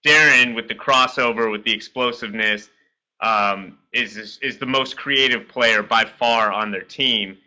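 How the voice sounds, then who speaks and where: A man's voice: medium pitch, measured pace, sharp tone, rough recording. A man hosting a casual podcast chat, rambling loosely and laughing easily. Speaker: host.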